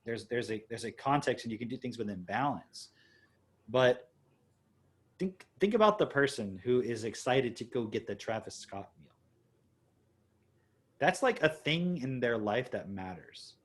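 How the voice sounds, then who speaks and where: A man's voice: mid-range voice, lively intonation, unhurried, pauses often, breathy edge. Rambling man co-hosting a podcast. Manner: rambling, emphatic, swears freely. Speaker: podcast co-host. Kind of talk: casual chat.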